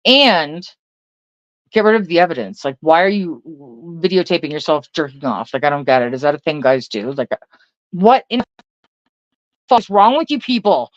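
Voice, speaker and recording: A woman's voice: low-pitched, big pitch swings, moderate pace, dry recording, highs cut off. A middle-aged woman, ranting casually and profanely to her viewers, laughing often between lines. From Canada. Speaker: vlogger.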